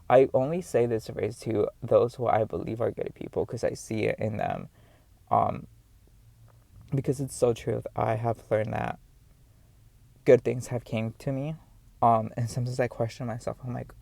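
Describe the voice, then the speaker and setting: This male vlogger has a medium-pitched, warm voice with vocal fry, a steady tone and a normal pace. With a noticeable non-standard accent, he gives an earnest, rambling motivational talk to camera, encouraging viewers casually and using lots of fillers and repeated words.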